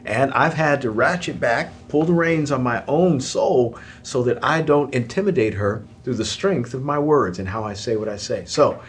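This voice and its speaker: A middle-aged man, a pastor, talking in an animated way in a conversational Q&A about marriage and joking about his own loudness. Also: medium pitch, normal speed, few pauses, slight background noise.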